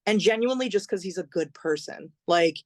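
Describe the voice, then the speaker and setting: A woman's voice: lowish voice, expressive, fairly quick, dry recording. A young adult woman, a podcast guest, chatting and telling her story with lots of fillers and acted-out quotes. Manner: chatty, many fillers, acts out quoted dialogue. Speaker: podcast guest, singer-songwriter. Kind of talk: conversational storytelling.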